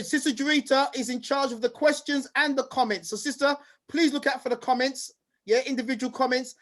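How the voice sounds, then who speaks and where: A man hosts an online talk in a lively, playful way, reeling off shout-outs in quick lists. His voice sits notably high for a man. He comes across over a video call. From United Kingdom. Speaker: host. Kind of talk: lively online event hosting.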